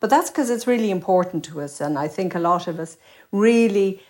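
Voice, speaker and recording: A middle-aged Irish woman, a professor guest, explaining things quickly with plenty of examples. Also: medium pitch, lively intonation, a little mellow. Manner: quick, expository, uses examples. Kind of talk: explanatory interview talk.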